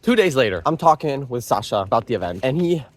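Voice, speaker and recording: A young man casually telling a rambling story from his own life, full of slang and excitable asides. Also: medium pitch, quick pace, no echo. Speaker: vlogger.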